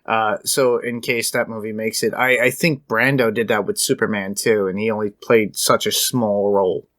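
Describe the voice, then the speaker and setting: A man's voice: lowish voice, steady tone, normal speed, fairly bright tone. A man co-hosting a film podcast, reading trivia items aloud and adding his own asides. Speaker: podcast co-host. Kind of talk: casual film review chat.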